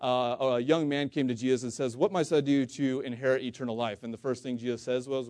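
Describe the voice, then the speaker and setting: A man preaching a sermon in a mellow, relaxed tone, close and dry with little room sound. He talks earnestly to his congregation, asks rhetorical questions and restarts his phrases. He lifts his voice when he reads old-fashioned scripture. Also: medium pitch, dry recording. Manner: reads scripture aloud in King James wording, louder and slower.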